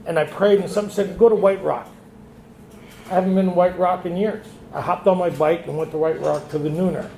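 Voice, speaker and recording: Man at a recovery retreat, high voice, echoey room with faint hiss; tells his story and acts out the dialogue. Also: fairly even intonation, fairly quick, gravelly, darkish tone. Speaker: retreat speaker. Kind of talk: recovery meeting share. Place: meeting hall.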